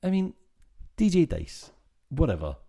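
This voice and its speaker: A podcast co-host with a slightly high, creaky voice reviews a film in casual chat at a measured pace. He jokes and makes wordplay in lively back-and-forth banter.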